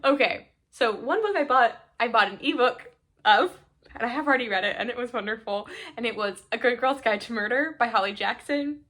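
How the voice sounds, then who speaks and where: Bright, excitable young woman vlogger. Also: fairly high pitch, brisk. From United States. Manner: rambling, self-interrupting, laughing through tears. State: teary, half-crying. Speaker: book vlogger. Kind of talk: casual chat to camera.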